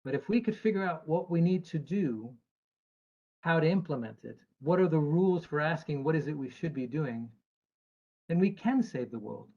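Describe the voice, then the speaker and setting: An American man gives a presentation to an audience of investors. His voice sits a little high, and he speaks earnestly and with emphasis, dropping in dry asides. The recording is slightly dull. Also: expressive, moderate pace. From United States. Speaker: actuary giving a presentation.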